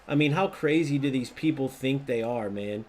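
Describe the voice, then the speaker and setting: A man talking over a football video game as he plays, ranting at his viewers. His voice sits at an ordinary middle pitch, and he argues in a fired-up, conversational way, turning to the audience again and again to press his point. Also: moderate pace, darkish tone. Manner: ranting, argumentative, addresses viewers directly. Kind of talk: live gameplay commentary.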